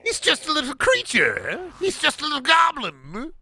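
A man voicing a giggly villain clown in a high, mocking, sing-song voice. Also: wildly swooping pitch, moderate pace, noisy background, full character voice. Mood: playful.

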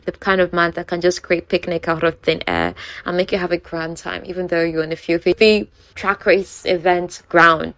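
A woman's voice: on the low side, creaky, dry recording. A woman casually retelling a romance novel, chatty, with frequent asides to the listener. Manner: chatty, asides like "you know". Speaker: book storyteller.

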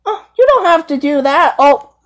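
A woman voicing a tearful, fretful young lioness in an amateur fan role-play, with a high, whiny, flustered delivery. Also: big pitch swings, moderate pace.

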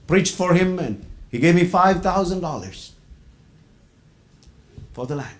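A middle-aged man from India giving a sermon testimony, telling his story with loud quoted lines and low asides. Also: animated, unhurried.

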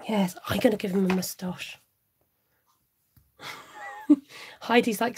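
This woman hosts a live card-making stream in a casual chat, reading viewer comments aloud and often murmuring to herself. Her mid-range voice is steady and darkish, at a slow pace, with a little hiss or hum in the background.

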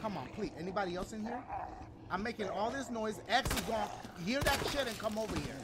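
A man playing a video game and reacting aloud, swearing and yelling at the game and chatting to his viewers. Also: high-pitched, lively intonation, normal speed, pauses often, very noisy. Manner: talks to viewers as "y'all". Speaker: gaming video host. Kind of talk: let's play commentary. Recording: loud game sounds behind voice.

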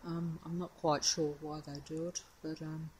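Poor audio from a phone camera captures an Australian vlogger talking outdoors as wind and rain sweep the street. She speaks at a normal speed in a low, level, somewhat dark voice, rambling with hesitation and wariness.

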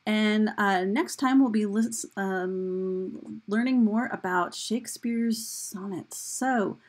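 Relaxed woman teacher wrapping up. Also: mid-range voice, takes it slowly. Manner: relaxed, with fillers like um and uh. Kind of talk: casual classroom wrap-up.

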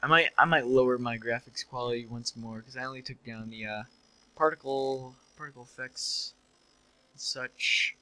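A man's voice: mid-range voice, moderate pace, pushed and bright, no room sound, poor audio. A young man giving casual, joking commentary while playing a video game, sarcastically mocking the characters. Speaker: let's play commentator.

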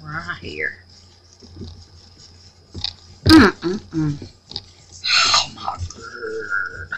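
A woman talks viewers through a craft project, her pitch leaping up and down as she goes. She speaks slowly, calls out to the Lord and drops into muttered, half-whispered asides, with a faint noise underneath. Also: wildly swooping pitch. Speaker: resin craft channel host. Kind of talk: casual crafting tutorial.

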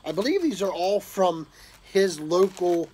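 A man's voice: high voice, lively intonation, measured pace, a little mellow, a little hiss or hum. A man opening a gift box of pipe tobacco and coffee, talking casually to his viewers with enthusiastic drawled exclamations. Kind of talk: casual unboxing talk to camera.

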